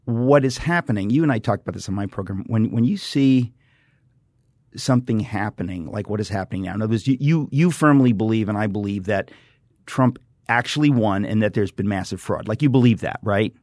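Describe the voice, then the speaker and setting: A man's voice: fairly low pitch, a little fast, darkish tone, dry recording. Middle-aged guy in a radio studio, fired up and emphatic, keeps restarting his sentences, dry close sound. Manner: fervent, emphatic, repeats and restarts phrases. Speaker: guest author and radio host. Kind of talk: impassioned studio conversation.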